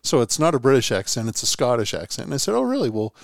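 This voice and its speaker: A man's voice: mid-range voice, lively intonation, fast, creaky, no room sound, clean studio sound. A man co-hosting a casual sports podcast, telling long rambling stories with many restarts. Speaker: podcast co-host.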